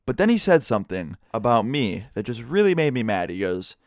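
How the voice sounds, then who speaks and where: Brief: young male vlogger, quick, crisp delivery, casual and profane. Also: fairly low pitch, dry recording, studio quality. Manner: animated, casual, swears freely. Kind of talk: casual storytime.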